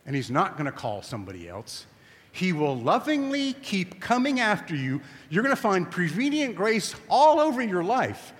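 A man with a fairly high voice preaches with a lot of melody and swing in his pitch. His delivery is emphatic and conversational, and he keeps turning to the congregation with questions. His voice carries a long reverb, as if it were filling a large hall. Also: a bit bright. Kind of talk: sermon. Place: camp meeting.

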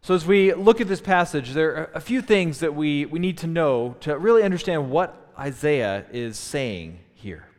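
A man's voice: on the high side, expressive, moderate pace, few pauses, a little mellow. A man preaching a sermon, teaching in a thoughtful tone with frequent restarts. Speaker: pastor. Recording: long hall reverb.

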